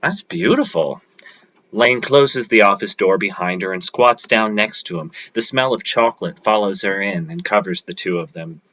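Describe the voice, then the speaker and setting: A man reading his own short story aloud at an open mic, with a steady, measured delivery. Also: lowish voice, dry recording. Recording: dull lo-fi livestream audio.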